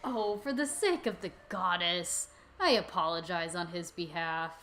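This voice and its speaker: A woman's voice: fairly low pitch, measured pace, a bit bright, faint music behind, pitched below the performer's own voice. A woman voicing a proper, apologetic young princess in a let's play of a visual novel, with formal, polite speech. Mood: prim.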